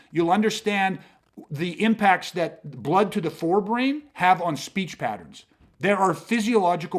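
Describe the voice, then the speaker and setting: A middle-aged man hosting a self-defense podcast, talking bluntly and emphatically with heavy swearing. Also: high voice. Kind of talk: casual podcast monologue.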